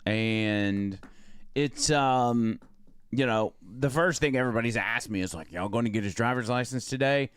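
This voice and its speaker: A man's voice: medium pitch, moderate pace, a bit bright, clean tone. A man, co-hosting a podcast in casual, rambling chat. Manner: laid-back, rambling with fillers. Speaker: podcast co-host.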